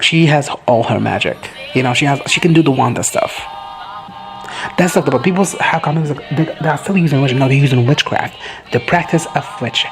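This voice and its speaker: A man giving a casual reaction recap of a TV episode, gushing, swearing freely and briefly acting out characters in quick high voices. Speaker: reaction vlogger.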